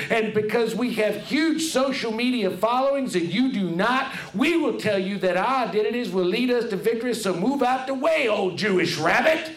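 A man's voice: very high voice, roomy sound, voice pushed up, low-quality recording. A man voicing a group of smug young female tar figures who speak dismissively in a storybook tale. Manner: haughty, dismissive.

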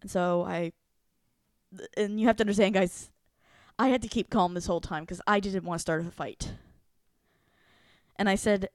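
A woman's voice: fairly low pitch, steady tone, moderate pace, no room sound, clean studio sound. A woman co-hosting a casual talk show, retelling a personal story candidly and animatedly, swearing freely. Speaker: podcast co-host.

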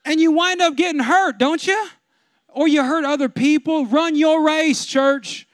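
A man preaching a sermon as pastor, telling a comic story and swinging from low asides to loud preaching. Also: measured pace, no room sound. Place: church.

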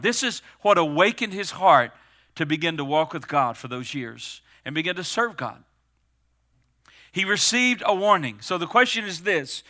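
A middle-aged man preaching a sermon as pastor, stressing words with slowed, emphatic pauses. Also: high voice, bright, forceful tone.

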